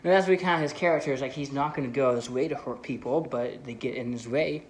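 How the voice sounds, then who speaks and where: A man talking through film theories in a loose, unscripted vlog. He rambles, circling back with "like" and "you know" as he thinks aloud. He sounds like an eager fan at an ordinary middle pitch. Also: fast, a little hiss or hum. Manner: enthusiastic fan. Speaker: film vlogger. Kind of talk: casual movie commentary.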